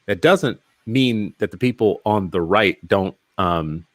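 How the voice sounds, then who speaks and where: A man's voice: lowish voice, animated, slow, no echo. A male podcast host in casual interview conversation, talking emphatically and firing off rhetorical questions.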